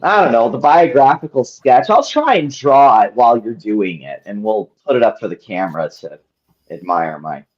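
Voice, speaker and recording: A man's voice: mid-range voice, expressive, moderate pace, dull audio. Rambling man running a tabletop game. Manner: rambling, full of ums and likes. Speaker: game master.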